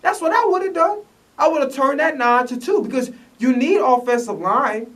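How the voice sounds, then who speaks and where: A man's voice: very high-pitched, lively intonation, normal speed, fairly bright tone, recorded from a distance. A man rants in casual commentary, profane and rambling, stumbling over restarts. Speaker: vlogger reacting to the draft.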